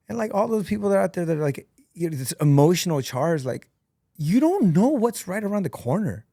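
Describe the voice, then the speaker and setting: A man who is a podcast guest and entrepreneur, telling stories in an earnest, animated and emotional way. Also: a little high, fairly quick, no echo, studio quality. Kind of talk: emotional, candid conversation.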